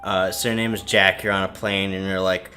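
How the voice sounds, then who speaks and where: A man's voice: low-pitched, flat delivery, fairly quick, sharp tone. A tipsy man on a podcast, rambling loosely through a story and laughing at his own bits. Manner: rambling, laughing, silly put-on quote voices. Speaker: podcast co-host. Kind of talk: casual drunken story retelling.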